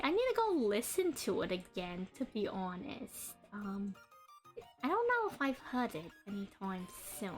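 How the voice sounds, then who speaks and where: Young woman streamer, high lively voice, chosen cadence, rambling chat, soft music behind. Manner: chatty, rambling, greets chat by name; deliberately adopted speaking voice and cadence. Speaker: streamer and artist. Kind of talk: casual live-stream chat while drawing.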